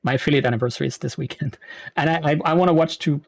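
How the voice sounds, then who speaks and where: Laughing animated man in his thirties. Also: fairly high pitch, vocal fry, no room sound. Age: 30s. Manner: animated storytelling, quick laughs. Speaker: guest streamer. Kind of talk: casual interview chat.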